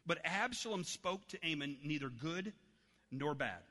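A man's voice: fairly high pitch, lively intonation, unhurried, bright, forceful tone. A man preaching a sermon, telling a story and acting out its voices. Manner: storytelling, acts out voices in anecdotes. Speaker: pastor. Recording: long hall reverb.

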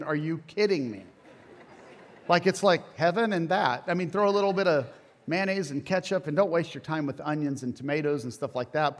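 A man with a slightly high voice preaches a lively, folksy sermon, moving between earnest points and joking asides. His voice carries a long reverb from a church sanctuary. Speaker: pastor.

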